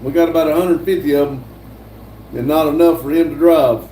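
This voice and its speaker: A middle-aged man hosting a casual live stream, reading viewer comments aloud with many pauses and uhs. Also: on the high side, steady tone, warm tone. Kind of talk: casual chat. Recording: echoey room, distant mic, faint noise.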